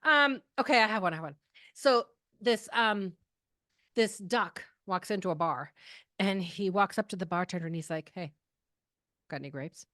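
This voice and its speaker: A woman's voice: medium pitch, normal speed, sharp tone, no room sound, clean studio sound. A woman co-hosting a podcast, chatting casually and telling a joke in a playful way that laughs easily. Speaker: podcast co-host.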